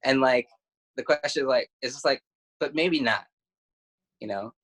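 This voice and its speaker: A man in a casual spiritual chat, earnest and halting, piling up fillers. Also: mid-range voice, fairly bright tone, slightly rough.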